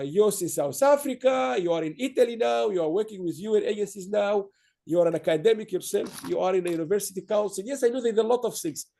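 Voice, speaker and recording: A man's voice: high voice, creaky, warm tone. A man hosting an online awards ceremony, speaking in a rambling way with many fillers and restarts.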